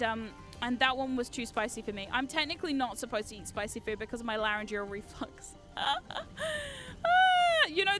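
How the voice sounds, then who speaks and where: A woman streaming a game, chatting excitedly with her viewers, swearing freely and shouting at the game. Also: fairly high pitch. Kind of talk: live-stream gameplay chat.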